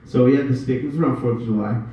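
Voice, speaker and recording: A man's voice: medium pitch, fairly even intonation, rapid-fire, dark tone, a little hiss or hum. Rambling, profane stand-up comedian man. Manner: rambling, profane, loose storytelling. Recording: echoey room from far off, dull.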